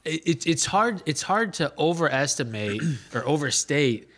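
A man's voice: fairly high pitch, very animated, measured pace, fairly bright tone. A man co-hosting a casual podcast chat, chiming in with short reactions. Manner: chimes in with short reactions and laughs. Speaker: podcast host.

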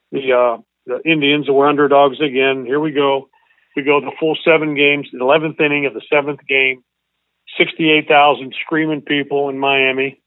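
An older man, a former baseball coach, telling a long emotional story as an interview guest in an earnest, halting way. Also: on the high side, dry recording. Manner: earnest, halting, repeats himself. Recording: tinny phone-like line.

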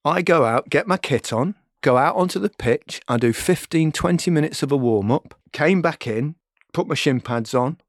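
A man's voice: fairly high pitch, normal speed, no echo. Middle-aged man, podcast host, casual storytelling, chuckles, dry close mic. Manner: lively anecdote-teller, laughs often.

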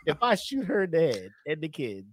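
A man co-hosting a podcast in casual chat, animated storytelling that breaks into loud acted-out voices. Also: a little high. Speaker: podcast co-host.

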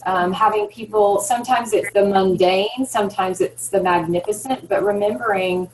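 A woman guest speaking in a soft-spoken, thoughtful way in casual chat. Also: mid-range voice, moderate pace, rough recording.

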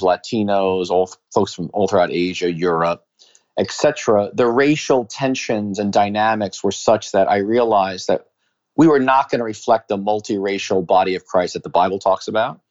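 A man's voice: fairly low pitch, normal speed, a little mellow, lo-fi sound. A middle-aged man with a New York accent, a pastor and author, answering interview questions in an earnest, reflective way. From New York, USA.

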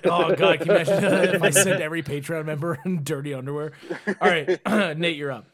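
A brash young man hosting a casual podcast, cracking jokes and laughing as he talks. He speaks very fast in a slightly high voice. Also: steady tone, a loud crowd. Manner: brash, joking, laughs often. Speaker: podcast host. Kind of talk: casual chat.

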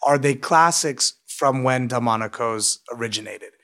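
A man's voice: medium pitch, normal speed, a bit bright. A man, a restaurant owner and author, telling emotional stories in an interview, often asking "right?". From United States. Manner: emotional, storytelling, frequent "right?".

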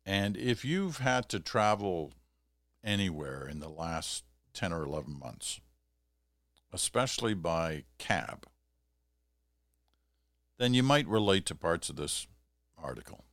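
A male podcast host reads an article aloud, breaking off now and then for easy, chatty asides. His voice sits low. The recording is dry and close, with no room sound. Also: slow pace, pauses often, dry recording. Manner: relaxed, conversational asides between reading.

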